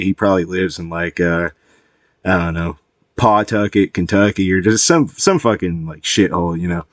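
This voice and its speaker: A man giving casual, meandering commentary to his viewers, swearing often and filling pauses with "uh" and "like.". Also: deep voice, dry recording. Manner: profane, meandering, heavy with fillers. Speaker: YouTube commentator.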